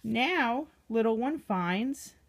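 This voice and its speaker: A woman reading a picture book aloud to a young child, gently asking the child questions as she goes. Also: a little high, animated, drawn-out words.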